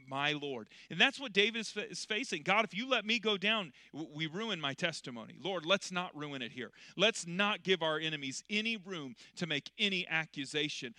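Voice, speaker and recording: Middle-aged male pastor, slightly high voice, preaching a sermon; shifts from loud emphasis to quiet explanation. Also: no room sound. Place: church.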